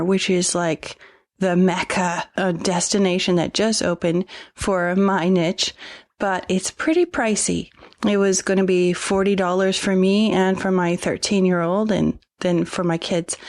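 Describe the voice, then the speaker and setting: A woman's voice: lowish voice, darkish tone, no echo, studio quality. A woman podcaster telling her story in a friendly, conversational recorded message.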